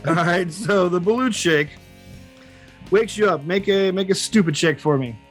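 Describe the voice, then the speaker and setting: A man's voice: sits high, moderate pace, soft background music. A man narrating a tabletop game as game master, rambling with fillers and restarts.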